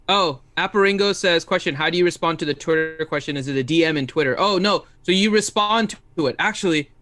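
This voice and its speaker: A man's voice: fairly high pitch, a bit bright. Man reading out viewer questions. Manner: easygoing, laughs while reading. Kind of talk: casual livestream chat.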